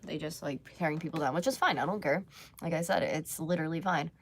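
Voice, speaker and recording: A woman's voice: deep voice, fast talker, slightly rough. A young woman talking candidly to viewers on a live stream, rambling with many fillers and restarts.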